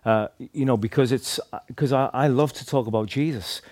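A man's slightly mellow, mid-range voice moves a little fast as he casually recounts evangelizing on the streets. He rambles, restarts and keeps saying "like" and "you know". No room sound is audible.

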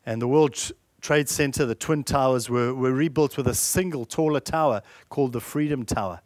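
A man's voice: mid-range voice, brisk, a little mellow, no echo, studio quality. A man preaching a sermon, earnest and full of rhetorical questions.

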